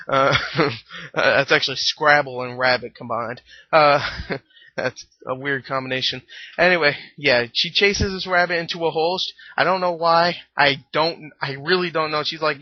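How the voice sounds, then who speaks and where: A man with a fairly high voice reviews a film in a loose, rambling way, cracking jokes and chuckling at them. The sound is dry and a little dull, like a lo-fi home recording. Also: dry recording. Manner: joking, rambling, laughs at own jokes. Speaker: movie reviewer.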